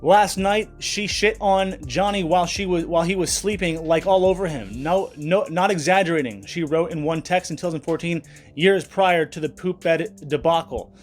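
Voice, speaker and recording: A woman's voice: on the low side, normal speed, a little mellow. A woman hosting a comedic celebrity news vlog, reading reports and adding crude, sarcastic commentary. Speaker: channel host.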